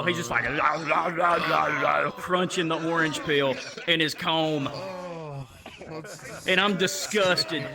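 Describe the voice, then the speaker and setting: A young man doing crude, animated stand-up storytelling that jumps up into loud shouts. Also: high voice. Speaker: stand-up comedian.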